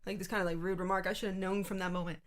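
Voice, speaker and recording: A woman's voice: mid-range voice, level tone, very fast. A young woman co-hosting a casual chat podcast, telling a story with animation and acting out what other people said. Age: young adult. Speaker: podcast co-host.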